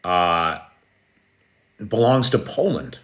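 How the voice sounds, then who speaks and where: A man's voice: low-pitched, animated, slow, fairly bright tone. An American man hosting a live news stream, chatting casually and answering viewers' comments by name. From United States. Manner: chatty, talks directly to viewers by name, clears throat often. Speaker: livestream news host.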